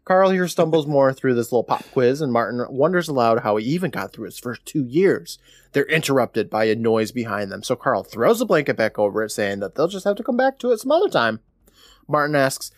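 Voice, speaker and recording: A man co-hosting a podcast, retelling an episode from his notes in a wry, deadpan way with frequent laughs. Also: medium pitch, a little fast, no echo. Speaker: podcast co-host recapping an episode. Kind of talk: casual chat, recapping from notes.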